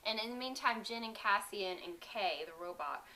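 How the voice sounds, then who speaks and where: Woman co-host recapping steadily, bright mid-pitched voice. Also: expressive, moderate pace, low-quality recording. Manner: narrates steadily, with fillers. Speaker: podcast co-host. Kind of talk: casual chat, retelling a plot.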